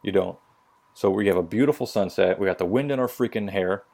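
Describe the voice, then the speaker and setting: A man's voice: low voice, fairly quick, creaky, darkish tone. A man, a military veteran, telling stories on a casual podcast in a blunt, profane way and acting out what people said. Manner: profane, blunt, acts out quotes.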